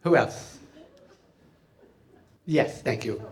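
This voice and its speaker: A man's voice: mid-range voice, expressive, drawn-out words. A man doing stand-up comedy for a live audience, punning and playful, taking questions. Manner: punning, playful, loud jokey delivery. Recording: roomy hall, mic at a distance.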